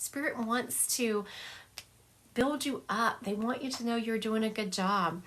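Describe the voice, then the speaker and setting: A woman's voice: mid-range voice, a bit bright. A woman psychic medium doing a livestream reading over a phone, chatty, laughing often and acting out what spirits say.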